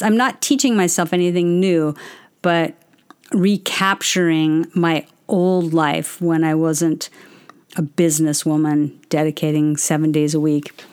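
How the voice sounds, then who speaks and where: A woman's voice: sits low, a little mellow. Chatty woman telling stories to viewers. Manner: chatty, storytelling, self-interrupting. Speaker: host answering viewer questions. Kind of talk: casual livestream chat.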